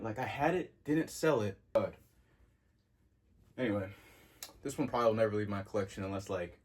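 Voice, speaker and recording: Slangy young man, low voice. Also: a little fast, pauses often, breathy edge. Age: 20s. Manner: slangy and excitable, with jumps in pitch. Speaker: vintage clothing vlogger. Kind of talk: casual vlog talk.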